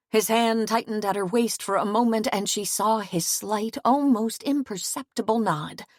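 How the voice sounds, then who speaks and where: A woman narrating a historical romance audiobook in a steady, even storytelling manner. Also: medium pitch, dry recording, clean studio sound. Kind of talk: scripted narration.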